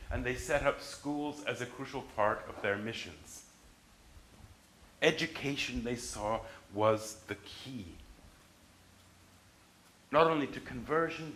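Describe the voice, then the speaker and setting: A man's voice: medium pitch, a bit bright, roomy sound, a little hiss or hum, rough recording. A man giving a university history lecture, emphatic and restarting his sentences as he explains.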